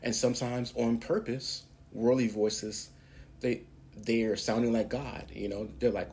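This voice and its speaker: A man's voice: mid-range voice, steady tone, measured pace, darkish tone, slight background noise. A man hosting a preaching podcast, speaking in an emphatic, preacherly way and pushing his voice up on key words. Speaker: podcast host.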